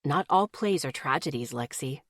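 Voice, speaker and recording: Woman voicing a gentle, soft-spoken young man. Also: lively intonation, dry recording, studio quality. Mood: gentle, wry. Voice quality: smooth, silky. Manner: soft, low and slow. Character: gentle young man, kind, quietly sad.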